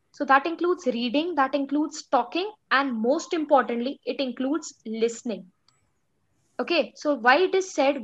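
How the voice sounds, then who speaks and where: Young female teacher, Indian English accent, high voice, casual filler-heavy lecture. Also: muffled recording. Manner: chatty, fillers like "okay" and "like". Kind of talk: online class lecture.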